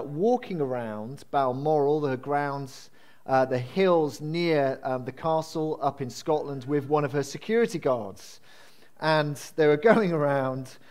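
Brief: male pastor, relaxed storyteller, fillers, self-deprecating humour, a touch higher-pitched. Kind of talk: sermon.

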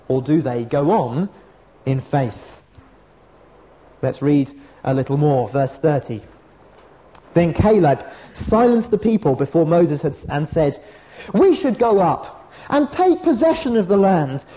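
A man preaching a sermon as a pastor, telling a personal story with measured, dramatic pauses and slowed emphasis. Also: sits high, warm tone.

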